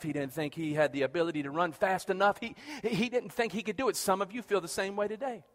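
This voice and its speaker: Man preaching a sermon, high voice, lots of stammered repeats, big reverby hall. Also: quick pace, hardly any pauses. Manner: animated, acts out quoted prayers and dialogue; repeats words when starting a phrase.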